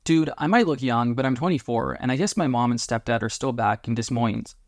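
A man's voice: mid-range voice, fairly quick, dry recording, studio quality, close to an everyday voice. A man reading a story aloud, voicing a defiant young woman runaway in a flippant tone.

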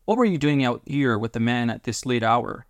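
A blunt police officer, read by a man who questions people in a slow, measured way. It is close to the reader's own plain voice, recorded dry and near the mic. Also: mid-range voice, expressive, no echo, close to an everyday voice. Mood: stern.

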